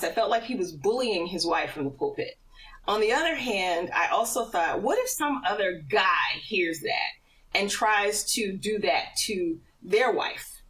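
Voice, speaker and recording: Animated middle-aged woman, a bit off-mic. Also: medium pitch, distant mic, low-quality recording. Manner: animated storyteller, laughs often. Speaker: podcast guest. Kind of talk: personal testimony in casual conversation.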